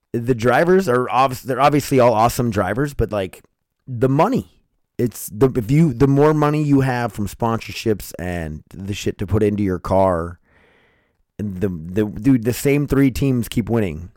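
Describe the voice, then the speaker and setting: Low-voiced dude rambling on his podcast, yawny and sleepy, swears a lot, dry close sound. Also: no echo. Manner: profane, loose, repeats "you guys" and "dude". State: sleepy, yawning. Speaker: podcast host. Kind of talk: casual rambling chat.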